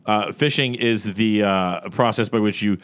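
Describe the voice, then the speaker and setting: A man's voice: fairly low pitch, unhurried. A man from Florida co-hosting a podcast, joking and rambling with frequent restarts. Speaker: podcast co-host. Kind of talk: casual chat.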